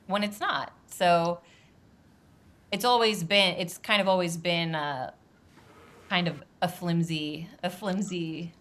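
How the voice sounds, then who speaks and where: A woman's voice: lowish voice, bright, forceful tone. A woman journalist talking candidly as a podcast guest, wry and laughing now and then. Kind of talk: casual interview talk.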